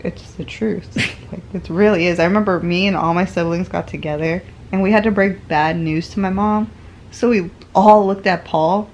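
A woman with a low, gravelly voice chats frankly to camera from her bed at home. She is sore after a medical procedure and tells the story with animation. Faint noise sits behind her. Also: steady tone, moderate pace, a little mellow, lo-fi sound. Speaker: vlogger. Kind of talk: casual chat to camera.

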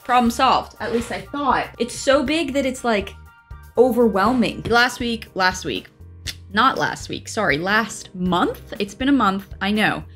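A woman's voice: fairly high pitch, lively intonation, measured pace, fairly bright tone, soft background music. A young adult woman, an actor, casually talking through a reaction to her old show in a rambling way and often correcting herself. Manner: rambling, chatty, with frequent self-corrections.

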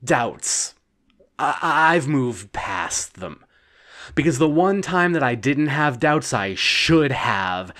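A man delivering an absurdist comedic monologue, rambling and halting, with stammered restarts. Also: medium pitch, sing-song, a bit bright. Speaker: storyteller.

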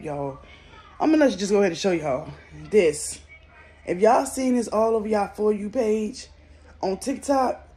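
Lying in bed at home, this young vlogger from the Southern United States talks to her audience on a phone, loose and blunt and cursing without hesitation. She speaks at medium pitch, her tone darkish with a breathy edge.

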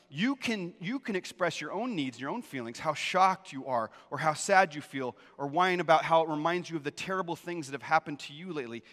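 A man's voice: a little high, a bit bright, big-room sound. A middle-aged male pastor preaching a sermon in a church, emphatic, repeating key phrases and often checking in with the congregation. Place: church sanctuary.

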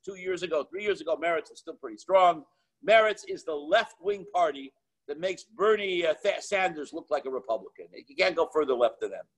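Husky rabbi telling a lively story. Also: male voice, fairly high pitch, rough recording. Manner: animated anecdotes with quoted dialogue and filler restarts. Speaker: Chabad rabbi and author. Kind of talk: storytelling talk.

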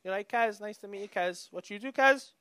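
A young Liverpool man working the crowd from a comedy club stage, his voice pitched high for a man. His tone is bright and forceful as he needles audience members with brash, sweary banter. He speaks into a handheld mic. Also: a little fast, clear, resonant tone, dry recording. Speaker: stand-up comedian. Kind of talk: stand-up crowd work.

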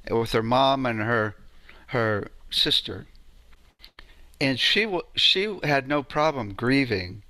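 A man's voice: mid-range voice, expressive, slow pace, sharp tone, no room sound. A man giving an informal lecture on sound healing, telling stories in a conversational way and often asking "right?".

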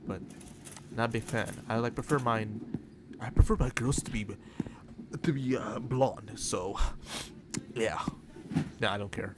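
A man with a fairly low voice talks his way through a horror game in loose, offhand commentary. He swears freely and drifts from one thought to the next. A steady bed of game ambience sits clearly under his voice. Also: noisy background. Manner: rambling, profane, offhand. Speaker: gaming channel host. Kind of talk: casual let's-play commentary.

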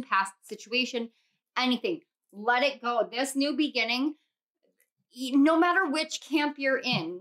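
Young woman, tarot reader, casual, bubbly, gushing, bright voice, slightly high. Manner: bubbly, gushing, breaks into laughs and squeals. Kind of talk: casual tarot reading to viewers.

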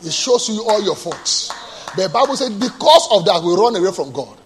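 A male pastor preaching a sermon, asking the congregation to answer and moving between quiet storytelling and loud bursts. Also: sing-song, normal speed, slight background noise. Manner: call-and-response preaching, asks the congregation to answer; drops to a low soft storytelling voice, then bursts out loud.

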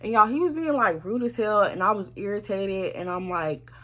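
A young woman from Arizona telling a casual storytime, animated and blunt, swearing freely. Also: medium pitch, moderate pace, muffled recording. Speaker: vlogger.

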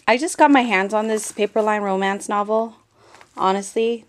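A woman's voice: mid-range voice, moderate pace. A woman paper-craft vlogger in a casual show-and-tell video, gushing and talking straight to her viewers. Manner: gushing, repeats exclamations often.

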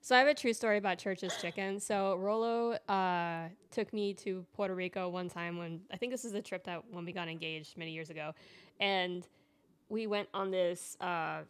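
A woman co-hosting a casual panel chat, a chatty storyteller who fires off animated questions. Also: on the low side, moderate pace, smooth. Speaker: co-host.

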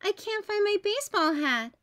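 A woman's voice: very high-pitched, expressive, normal speed, fairly bright tone, pitched above the performer's own voice. A woman voicing a sweet, cheerful youngest girl in a storybook read-aloud.

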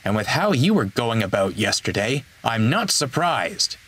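A man's voice: medium pitch, sing-song, normal speed, fairly bright tone, slight background noise. A man voicing a weary male fireman for a storybook, sighing and resigned.

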